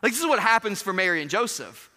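A man preaching a sermon as pastor, animated, acting out quoted dialogue and asking the congregation questions. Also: high-pitched, fast talker. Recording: long hall reverb.

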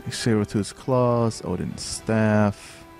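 Male game streamer, slow delivery, excitable yelps, lots of ums, faint music behind. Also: vocal fry. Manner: excitable, bursts of high-pitched exclamations; thinks aloud with many fillers. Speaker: livestream host playing a game. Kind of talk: live gameplay commentary.

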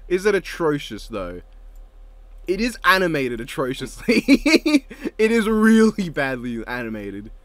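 A man's voice: a little high, big pitch swings, measured pace, dry recording. A man chatting casually as a co-host, joking, swearing freely and laughing often. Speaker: co-host ranking show intros. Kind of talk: casual podcast chat.

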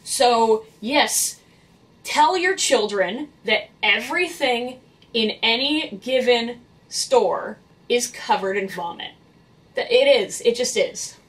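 A young woman vents on her vlog about cleaning up after strangers, blunt, exasperated and unafraid to swear. Her voice sits a touch high for a woman. It sounds a little distant from the microphone. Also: lively intonation, slow. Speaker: vlogger who works in retail cleaning. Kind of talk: venting storytime vlog.

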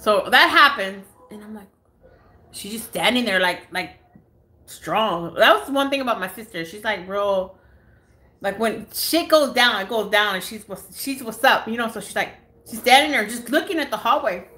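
Bright, animated woman telling stories at home. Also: fairly high pitch, normal speed. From United States. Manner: animated, swears freely, acts out others' lines. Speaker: beauty vlogger. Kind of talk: casual live-stream storytelling. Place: her home. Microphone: phone camera.

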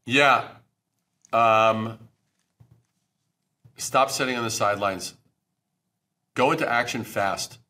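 A man's voice: mid-range voice, slow, long pauses, pushed and bright. A middle-aged man, a branding expert guest on a podcast, speaking bluntly and emphatically and swearing freely. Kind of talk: podcast interview.

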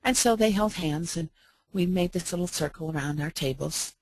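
A middle-aged American woman telling a heartfelt personal story in a gentle, slow, reflective way with soft pauses. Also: on the low side, no echo. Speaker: speaker.

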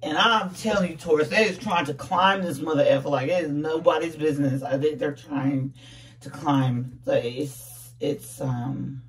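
A tarot reader in a casual reading, voice going a bit hoarse, talking in a playful, slangy way with lots of repeated words and "okay?". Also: medium pitch, fairly even intonation, moderate pace, recorded from a distance. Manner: jokes about putting on a fake accent.

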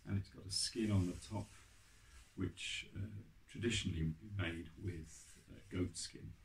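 A man's voice: deep voice, steady tone, unhurried, gravelly. A man teaching an online music lesson to children, upbeat and encouraging, counting in and singing along. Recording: echoey room with faint noise.

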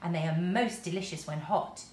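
A woman's voice: on the low side, normal speed, a little mellow, a little hiss or hum, natural voice. A woman voicing a kindly, chatty little fairy woman from a storybook. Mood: cheerful. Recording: roomy echo.

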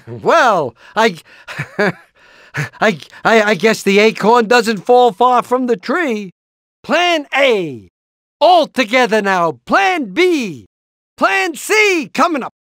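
A man's voice: extremely high pitch, sing-song, takes it slowly, fairly bright tone, dry recording, studio quality, full character voice. An older actor voicing a nervous, fussy rooster father in a cartoon video game, stammering and shrieking when scared. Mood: flustered. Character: nervous, fussy rooster dad, easily panicked.

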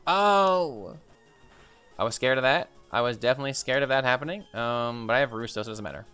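A man's voice: medium pitch, fairly even intonation, very fast, sharp tone, clear, resonant tone, faint music behind. Exasperated young man ranting over gameplay. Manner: frustrated, swearing, repetitive exclamations. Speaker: gaming streamer. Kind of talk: reactive gameplay commentary.

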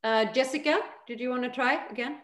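Over a video call, a woman leads a group chanting lesson, patient and encouraging as she demonstrates each line slowly. Her voice is high-pitched and a bit bright, with a reverberant sound.

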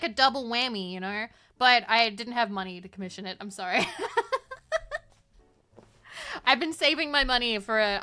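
A woman's voice: fairly high pitch, bright, forceful tone. A woman streaming a game, chatting casually, giggling often and swearing freely. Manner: giggly, swears a lot, bursts into shrieking laughter. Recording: faint music behind.

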